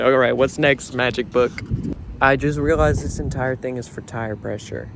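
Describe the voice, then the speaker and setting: A man's voice: medium pitch, fairly even intonation, normal speed, vocal fry, noisy background. Chatty young man vlogging by his car. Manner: chatty, self-mocking, swings to loud exclamations. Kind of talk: casual vlog. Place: outdoors by a car at night.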